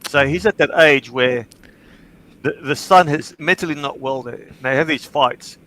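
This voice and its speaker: A man hosting a livestream, telling stories in casual chat, swearing freely and getting animated in bursts. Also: a little high, moderate pace, rough recording. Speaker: livestream host.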